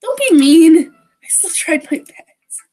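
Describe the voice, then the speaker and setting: High, giddy teen girl best friend, put on by a woman. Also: normal speed, natural voice. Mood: pouty.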